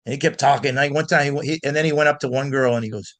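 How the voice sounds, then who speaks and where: A man from Miami, a guest blues guitarist, telling animated stories in an interview with frequent restarts. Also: mid-range voice, quick pace, hardly any pauses. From Miami, United States. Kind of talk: storytelling in an interview.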